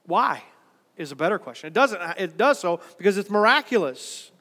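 A man's voice: high-pitched, big pitch swings, moderate pace, sharp tone, long reverb tail. A man preaching a sermon in a church worship center, conversational and then emphatic. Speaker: pastor.

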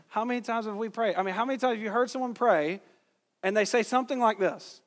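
In a church sanctuary with long hall reverb, a man in his thirties preaches as pastor, asking the congregation rhetorical questions and joking at his own expense in a conversational style. His voice is high and fairly quick.

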